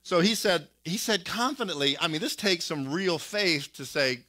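A male pastor delivers an animated sermon in a bright, fairly high voice. He tells the story in a chatty way and reads old quotations aloud with plenty of fillers. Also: normal speed.

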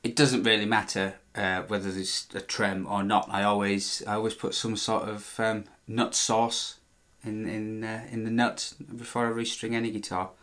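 Chatty man, low voice. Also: little pitch movement, moderate pace, fairly bright tone. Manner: chatty, meandering, self-correcting, dry joking. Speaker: vlogger restoring a guitar. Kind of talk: casual talk while working.

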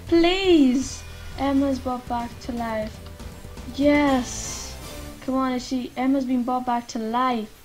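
A Lithuanian gaming YouTuber with a Lithuanian accent and a high-sitting voice chats her way through a life-sim game. She speaks to the characters directly, now muttering, now loudly objecting, while faint game music plays.

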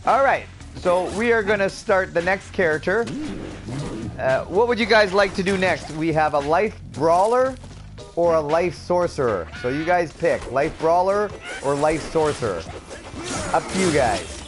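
A man's voice: a little high, lively intonation, unhurried, over music. A man from Canada chatting upbeat with viewers as a gaming streamer, laughing often. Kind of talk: casual let's-play commentary.

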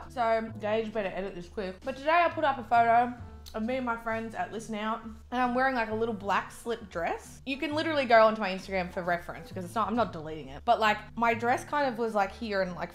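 A young woman with an Australian accent talks through a meal in loose, chatty vlog style, dropping "like" into nearly every sentence. She sits at a middling pitch and moves between easy chatter and a worked-up rant. Faint music plays low behind her. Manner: chatty, peppered with "like", gets heated and ranty. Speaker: mukbang vlogger. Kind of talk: casual chat while eating.

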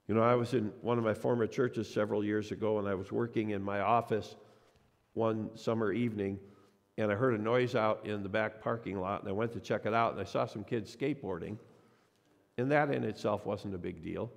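Gravelly-voiced pastor preaching in a reverberant church. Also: male voice, lowish voice, moderate pace. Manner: storytelling preacher, acts out quoted voices. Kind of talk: sermon. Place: church sanctuary.

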